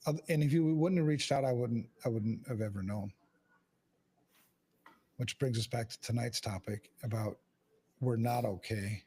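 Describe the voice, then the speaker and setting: A man's voice: medium pitch, a little mellow, slightly rough. A man hosting a podcast, talking frankly and casually, swearing often and restarting his sentences. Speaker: podcast host. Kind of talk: candid casual conversation.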